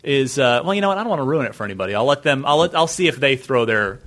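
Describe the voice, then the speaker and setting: A man hosts a casual gaming podcast. His voice is bright and lively, rising and falling a lot as he chats. He runs the show's segments in an easygoing way. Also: medium pitch, racing. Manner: animated, chatty, plugs segments. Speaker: podcast host.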